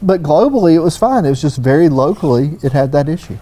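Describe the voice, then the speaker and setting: Man, Southern US accent, high-pitched, mellow tone, folksy rambling panel talk. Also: expressive, quick pace. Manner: folksy, rambling, lots of "you know". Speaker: panel guest, surface-finishing expert. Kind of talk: casual technical panel talk. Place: trade expo stage.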